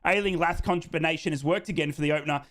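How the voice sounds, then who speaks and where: Talking fast in a fairly high, bright voice, an Australian man runs a live football watchalong, reading fan comments and chatting casually. His style is jokey and repetitive, with plenty of "mate."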